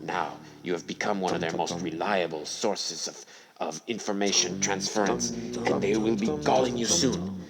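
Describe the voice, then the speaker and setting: A grave, mysterious messenger speaks slowly and solemnly, as a man puts him on. The voice is low and gravelly, with a crowd loud behind. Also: steady tone.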